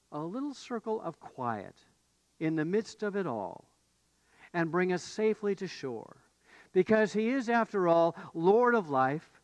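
A man's voice: high-pitched, no echo, muffled recording. A man preaching a sermon as pastor, telling stories and building to emphatic questions. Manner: storytelling, rising to emphatic questions.

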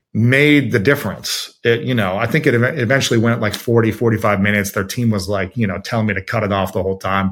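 A man from Ohio telling a story in a relaxed interview, acting out quotes with lots of fillers. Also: on the low side. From Ohio, USA. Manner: animated, quotes himself and others with many fillers. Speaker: podcast host as guest. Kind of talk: conversational storytelling.

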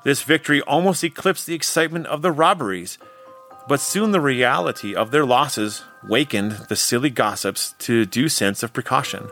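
Bright-voiced male storyteller. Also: mid-range voice, soft background music. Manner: measured, expressive storytelling. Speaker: narrator. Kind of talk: scripted narration of a Victorian ghost story.

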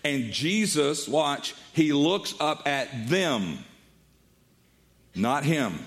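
A middle-aged man preaching a sermon as a pastor, telling a Bible story with animated delivery and acting out the voices of the people in it. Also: on the high side, extremely slow.

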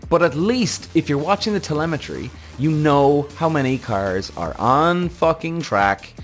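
Host type: worked-up, cursing man, fairly high voice that swings widely, soft music underneath. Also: expressive, a little slow. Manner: heated, profane, exasperated ranting. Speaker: F1 reaction show host. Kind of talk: ranting commentary vlog.

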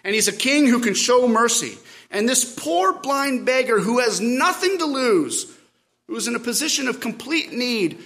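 A man preaching a sermon, swinging from loud cries to quiet asides. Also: extremely high pitch, lively intonation, normal speed. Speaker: pastor.

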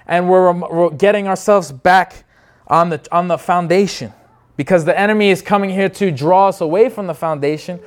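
A man's voice: sits high, a little mellow. A man preaching a sermon in an earnest, unscripted way, often restarting his phrases. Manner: earnest, many restarts, acts out quoted voices.

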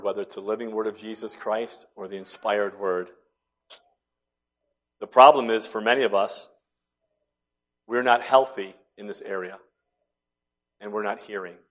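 Speaking at a fairly low pitch, this middle-aged pastor preaches a sermon that shifts from hushed, nearly whispered lines to loud, emphatic ones.

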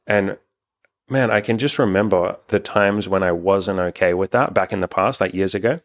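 A man's voice: deep voice, moderate pace. A young man hosting a casual couple's chat, talking frankly and rambling, swearing often. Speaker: relationship coach and channel host.

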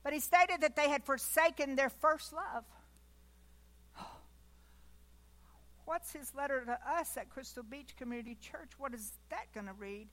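A woman preaches a sermon with a high, bright, forceful voice. She keeps the delivery folksy, breaking off into chatty asides and small jokes before returning to her point. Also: measured pace, pauses often.

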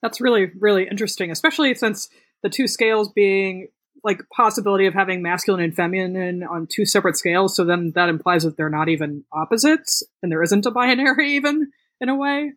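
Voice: mid-range voice, a little fast, fairly bright tone, no echo. A podcast host interviewing a guest, curious and asking short questions.

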